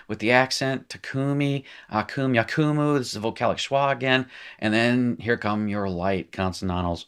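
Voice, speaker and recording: A man's voice: mid-range voice, moderate pace, clear, resonant tone. A man teaching a recorded lesson in a casual, rambling way, reading from a textbook and correcting himself as he goes. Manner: rambling, self-correcting, joking asides; reads textbook aloud then comments.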